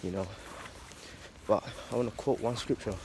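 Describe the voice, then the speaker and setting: A man's voice: lowish voice, steady tone, normal speed, vocal fry, background noise. A man talking casually about faith in a loose, slangy monologue, swearing and ending lines with "man.". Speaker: religious vlogger.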